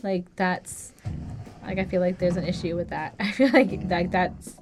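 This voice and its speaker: A woman's voice: on the low side, normal speed. A young woman co-hosting a music review podcast, talking in a rambling way with many "like" and "um" fillers. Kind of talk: casual chat.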